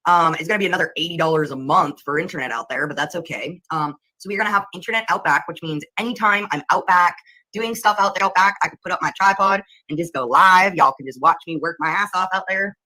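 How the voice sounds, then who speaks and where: A woman talks casually on her livestream and greets viewers by name. Her voice sits low but sounds bright and forceful. She is chatty and quick to react. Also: rough recording. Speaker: livestream host.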